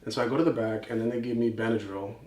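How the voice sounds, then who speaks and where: A man's voice: medium pitch, rapid-fire. Chatty man telling a story in an echoey room. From New York. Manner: rambling, animated, acts out quotes, swears. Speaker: podcast co-host. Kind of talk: casual storytelling chat.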